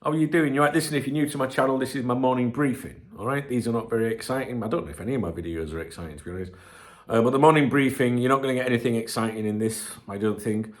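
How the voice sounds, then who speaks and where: A man from the UK hosting a casual morning football vlog at home, chatty and swearing freely, with a chesty cold that has him clearing his throat. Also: medium pitch, racing. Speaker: football channel host. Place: indoors at home. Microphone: camera on tripod.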